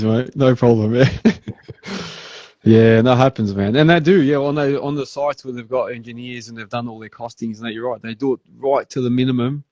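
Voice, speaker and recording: A laid-back Australian man hosting a casual podcast chat, tossing in "man" and playing out customers' lines. His voice sits mellow and dark, and the recording is dry and a little muffled. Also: medium pitch, no echo. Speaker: podcast host.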